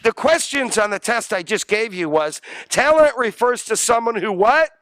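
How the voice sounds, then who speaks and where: Male professor, classroom lecture, bright voice, dry sound. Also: sits high, normal speed, no room sound. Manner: animated, jokey, asks the class questions. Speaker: college lecturer.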